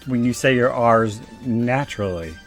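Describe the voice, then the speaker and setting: A man's voice: mid-range voice, normal speed, soft background music. A man with a South Philadelphia accent, co-hosting a casual podcast and rambling through profane asides. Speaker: podcast co-host. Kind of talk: casual chat.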